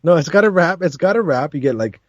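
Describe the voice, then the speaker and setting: Playful guest from Ontario, animated, higher voice, lo-fi home mic. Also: male voice, quick pace, no echo. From Ontario, Canada. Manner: giggly, playful, slips into put-on accents. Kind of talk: casual chat. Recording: dry, dull lo-fi home mic.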